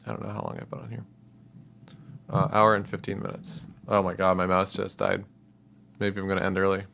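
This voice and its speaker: A man's voice: sits low, completely flat delivery, a little fast, creaky, fairly bright tone, a little hiss or hum. A man livestreaming as a composer, talking casually and rambling with many fillers and chuckles.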